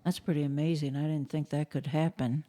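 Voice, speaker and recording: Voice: mid-range voice, fairly even intonation, fairly quick, warm tone. A podcast co-host in casual chat, speaking thoughtfully and asking the guests questions.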